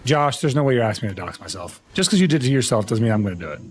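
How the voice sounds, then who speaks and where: A man's voice: medium pitch, very animated, racing. A young man streaming a game live, chatting casually and answering viewer questions. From Arizona.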